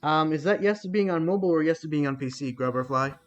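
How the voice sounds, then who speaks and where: A man's voice: fairly high pitch, quick pace, lo-fi sound. Chatty man streaming a game. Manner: chatty, reacts aloud and talks to chat. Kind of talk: casual live-stream commentary.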